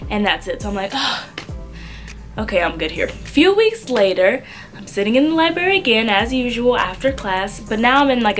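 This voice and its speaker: A young woman telling a story in a casual vlog, chatty and animated. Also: mid-range voice. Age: young adult. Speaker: vlogger.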